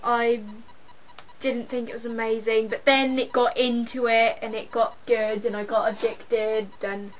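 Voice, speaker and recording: A woman's voice: on the high side, flat delivery, unhurried. Hesitant giggly young woman. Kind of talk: casual chat. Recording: dull lo-fi webcam audio with faint hiss.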